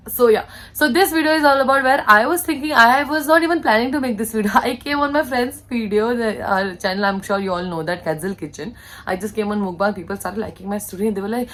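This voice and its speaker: A woman's voice: a little high, quick pace, fairly bright tone, low-quality recording. Chatty woman with an Indian English accent. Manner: chatty, rambling, self-correcting. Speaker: vlogger. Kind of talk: casual chat to camera. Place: bedroom at home.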